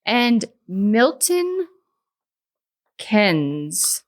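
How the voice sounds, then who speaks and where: A woman's voice: medium pitch, big pitch swings, very slow. A woman co-hosting a podcast, chatting playfully and reading from her notes. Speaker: podcast co-host. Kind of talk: casual chat.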